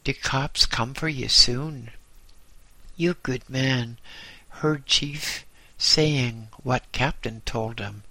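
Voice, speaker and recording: A man's voice: mid-range voice, extremely slow, no room sound, exaggerated voice. A man voicing a fearful, confiding ship's stoker. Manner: broken English, confiding, hushed.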